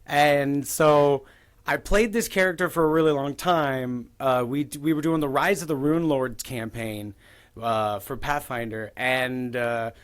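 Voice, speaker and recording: A man's voice: medium pitch, fairly even intonation, measured pace, smooth. A man telling a rambling tabletop-game story in casual podcast chat. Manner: rambling, with many restarts.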